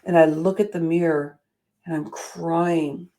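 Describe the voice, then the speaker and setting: A woman's voice: on the low side, fairly even intonation, measured pace, warm tone. A middle-aged woman hosting a motivational show, telling a personal story in an earnest, emphatic way. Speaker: show host.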